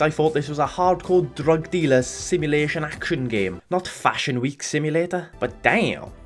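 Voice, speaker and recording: A British man giving sweary, sardonic comedic voice-over commentary on a game. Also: fairly high pitch. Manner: sardonic, sweary deadpan jokes. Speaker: gaming YouTuber.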